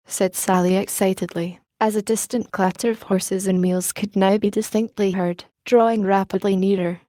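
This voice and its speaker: A woman narrates an audiobook in a measured, even storytelling manner. Her voice is dark and mellow. The recording is dry and close. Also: medium pitch, no room sound.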